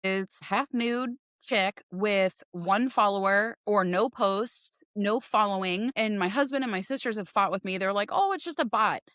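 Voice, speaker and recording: A woman in her forties telling a personal story in a casual podcast chat, animated and acting out voices as she goes. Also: medium pitch, a little slow, hardly any pauses, no echo, studio quality. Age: 40s. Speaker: podcast guest, realtor.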